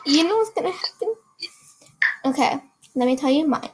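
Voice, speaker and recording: A woman's voice: high-pitched, lively intonation, normal speed, slight background noise, rough recording. A young woman in casual chat, mostly offering brief, encouraging reactions to a friend.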